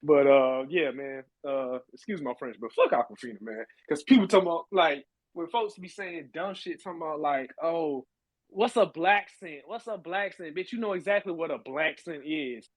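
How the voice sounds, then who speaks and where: A man hosting a live audio chat room, talking in animated, laughing rants full of profanity. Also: a little high, moderate pace, few pauses, no echo. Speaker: host.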